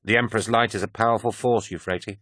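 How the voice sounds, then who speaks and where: A man voicing a quiet, devoted young man in an audiobook who speaks softly and earnestly. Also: on the low side, fairly even intonation, quick pace, no echo, studio quality. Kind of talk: audiobook character voice.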